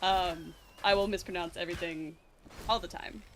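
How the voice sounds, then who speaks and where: A woman from Pennsylvania chatting casually on a game stream, self-deprecating and full of quick asides. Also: lowish voice, fairly even intonation, a little hiss or hum.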